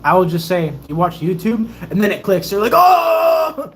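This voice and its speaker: A young man in his twenties, a Navy sailor and YouTuber, casually telling stories in a livestream Q&A and acting out other people's excited voices. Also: sits high, a little fast. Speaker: YouTuber and Navy sailor answering viewer questions.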